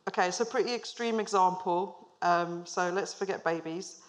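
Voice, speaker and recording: A managing director in her thirties gives a storytelling business talk on stage, posing questions to the live audience with light humor. Her voice is on the low side and moves at a moderate pace.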